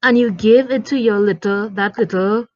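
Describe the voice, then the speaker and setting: A woman voicing a shrill, furious entitled mother who screeches insults, in a dry, dull lo-fi recording. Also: moderate pace, no echo, natural voice. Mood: sneering.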